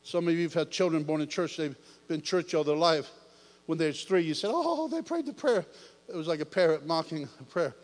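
A man preaching a lively sermon, telling his testimony with shouts, jokes and laughter. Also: on the high side, in a large hall.

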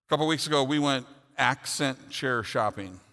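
Heard through long hall reverb, a middle-aged pastor speaks in a mid-range voice with a sharp tone and moderate pace. His sermon is earnest at first, then grows into humorous personal storytelling.

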